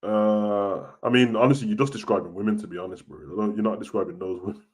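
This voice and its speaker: A man's voice: fairly low pitch, fast. Slangy young man chatting. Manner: casual slangy and animated, swings loud and soft. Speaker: wrestling show host. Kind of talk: live-stream chat reading comments.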